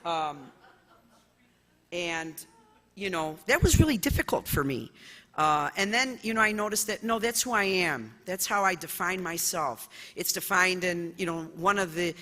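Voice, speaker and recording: A middle-aged woman judge from the United States, telling personal stories at a conference in an expressive, loud way with many fillers. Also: lowish voice, normal speed. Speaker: judge giving a conference talk. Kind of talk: conference speech, personal storytelling. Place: large conference hall. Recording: echoey conference hall.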